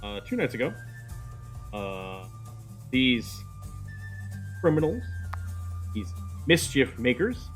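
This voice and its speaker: A man narrating as dungeon master in a tabletop game, pausing often with fillers. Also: medium pitch, big pitch swings, soft background music. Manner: hesitant, filler-heavy narration.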